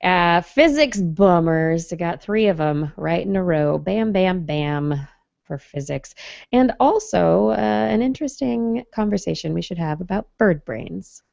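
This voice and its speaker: A woman's voice: on the low side, animated, a little slow, vocal fry, darkish tone, dry recording, lo-fi sound. A woman hosting a science podcast, chatty and jokey, reading news stories with playful asides. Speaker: podcast host. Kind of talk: casual science podcast chat.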